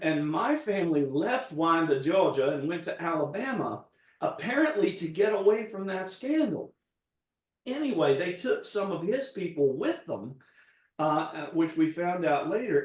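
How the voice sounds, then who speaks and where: A man, a guest chef, telling a rambling personal story in casual chat while cooking. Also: on the high side. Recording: roomy echo.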